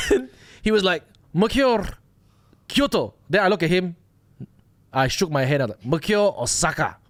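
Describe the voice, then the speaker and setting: Casting: Malaysian English man, podcast host, lively pitch, dry close mic, animated storyteller. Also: a little fast, long pauses, dry recording. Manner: animated storyteller, acts out dialogue. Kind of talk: casual chat.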